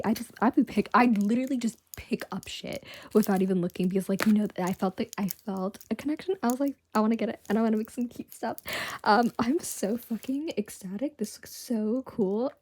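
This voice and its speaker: A young woman vlogging from her bedroom, chatting and unboxing in a rambling, bubbly way, dropping to whispers and jumping to excited squeals. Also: medium pitch, brisk. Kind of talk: casual vlog chat and unboxing.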